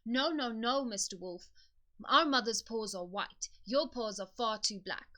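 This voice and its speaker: A woman voicing a group of young goat kids in a fairy tale, speaking quietly, slowly and firmly. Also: a little high. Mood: refusing.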